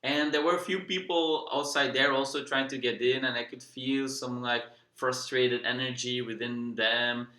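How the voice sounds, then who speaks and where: A man vlogging, telling a personal story in a relaxed, calm way, with many fillers and restarts. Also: medium pitch, normal speed, few pauses, echoey room. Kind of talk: casual storytelling.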